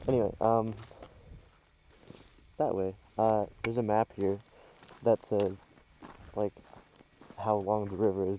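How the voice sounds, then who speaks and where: Low-voiced man rambling on a vlog. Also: creaky, dark tone, slight background noise, poor audio. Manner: rambling and hesitant, many fillers. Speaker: travel vlogger. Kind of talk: casual vlog narration. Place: outdoors on a trail and a scenic overlook. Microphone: handheld camera mic.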